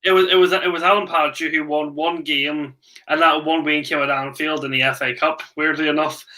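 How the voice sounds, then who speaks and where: A man's voice: fairly high pitch, flat delivery, bright, forceful tone. A man on a football podcast, chatting casually and confidently rattling off facts. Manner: confident, quick to list facts. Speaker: podcast co-host.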